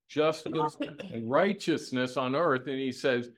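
A man's voice: mid-range voice, measured pace. A man teaching a Bible lesson. He quotes scripture and asks and answers his own questions. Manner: asks questions and answers them, repeats key phrases, quotes scripture, laughs softly.

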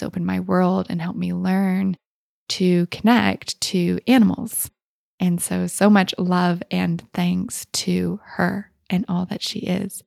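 Gravelly-voiced woman telling a lively story. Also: medium pitch, no echo, clean studio sound. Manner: animated, laughing often, voices others in quotes. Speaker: podcast host. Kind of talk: casual storytelling.

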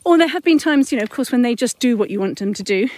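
A woman's voice: on the high side, animated, fast talker, darkish tone, dry recording. A mother hosting a parenting podcast, talking candidly and chattily while walking up a hill outdoors at dusk. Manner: candid, chatty, self-correcting. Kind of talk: casual reflective monologue.

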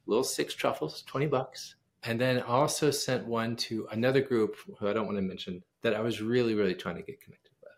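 Man, gravelly voice, mid-range pitch, casual interview storytelling, acts out quoted dialogue. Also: a little fast, hardly any pauses. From United States. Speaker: pianist and composer, guest.

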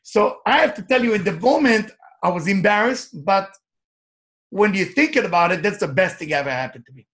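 Male life coach, high voice, emphatic motivational storyteller, non-native English phrasing. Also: expressive, fairly quick, fairly bright tone. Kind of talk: motivational talk with personal stories.

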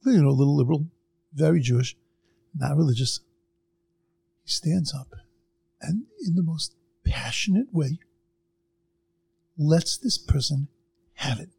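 A middle-aged man with a heavily gravelly, husky voice tells a story in casual podcast chat. His tone is dark and mellow, yet fairly high for a man. He acts out the people in his story, jumping sharply up in pitch. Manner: acts out quoted people with big jumps in pitch.

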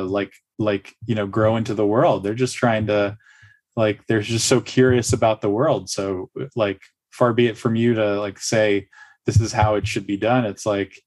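A man hosting a casual conversation, talking in a halting, rambling way with many restarts and fillers. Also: fairly low pitch, a little mellow.

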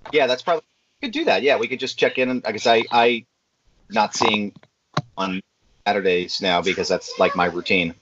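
A man's voice: fairly low pitch, a bit bright, a little hiss or hum. A man with a chesty cough, chatting casually on a group call and rambling with lots of fillers. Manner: rambling, halting with many fillers. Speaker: podcast co-host. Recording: muffled lo-fi call audio.

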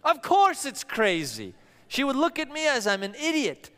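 A man's voice: extremely high pitch, wildly swooping pitch, moderate pace, sharp tone. A man preaching a sermon as pastor, telling stories and acting out the voices of the people in them. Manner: storytelling preacher who acts out quoted voices. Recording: long hall reverb.

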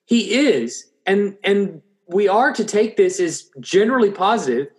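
A man's voice: high-pitched, lively intonation, measured pace, a little mellow. A man preaching an expository Bible lesson, thinking aloud with frequent restarts.

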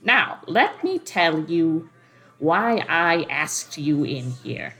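A woman's voice: low voice, very animated, pushed and bright, full character voice. Woman voicing a weary old innkeeper man. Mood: weary, pleading. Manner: slow, halting, full of pauses. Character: elderly male innkeeper, retired adventurer, weary. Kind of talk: tabletop game character voice.

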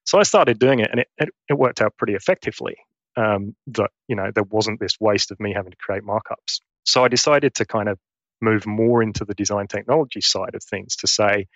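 A man's voice: fairly low pitch, brisk, a bit bright, dry recording, muffled recording. Englishman with an Australian-tinged accent. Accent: Essex English turned Australian. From England. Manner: earnest storytelling with frequent restarts. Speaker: guest. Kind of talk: conversational interview.

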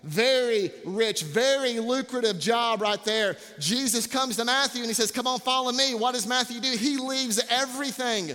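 A male campus pastor preaching a sermon in an animated, joking way, repeating words for emphasis. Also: very high voice, moderate pace, few pauses, long reverb tail.

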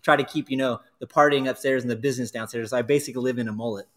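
A man's voice: medium pitch, steady tone, very fast. A man speaking as a podcast guest from his home, laid-back and easygoing.

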